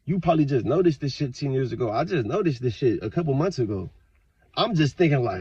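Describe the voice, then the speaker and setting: A man talking straight to his viewers in a casual, profane, rambling rant, with sudden loud outbursts. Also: medium pitch, animated, fast, husky, dry recording, dull audio. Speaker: vlogger. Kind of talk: casual monologue to camera.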